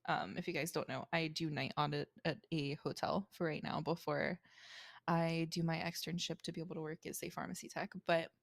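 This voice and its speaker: A woman's voice: deep voice, fairly even intonation, creaky, no echo, studio quality. A young woman co-hosting a podcast in casual chat, laughing often, swearing freely and acting out customers. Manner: laughing, swearing, quick to act out customers in put-on voices. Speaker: podcast co-host.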